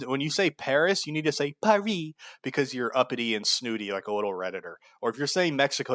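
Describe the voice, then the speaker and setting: A man's voice: medium pitch, a bit bright, dry recording, clean studio sound. Blunt, profane man ranting. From United States. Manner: blunt, profane, heated and sarcastic. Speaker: political commentary host. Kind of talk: ranting political commentary.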